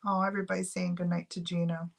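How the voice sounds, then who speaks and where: A woman's voice: fairly low pitch, level tone, fast talker, gravelly. A middle-aged woman chatting casually on a live stream, giggling often and reading out viewer names while she runs a giveaway.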